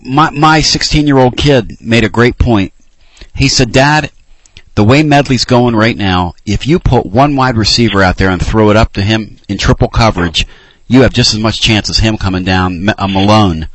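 A man's voice: medium pitch, fairly bright tone, no room sound. A middle-aged man hosting sports talk radio, passionate and emotional. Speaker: radio host.

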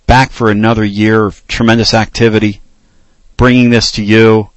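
A man hosting a casual sports talk radio show, speaking earnestly and with heartfelt pauses. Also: on the low side, no echo, low-quality recording.

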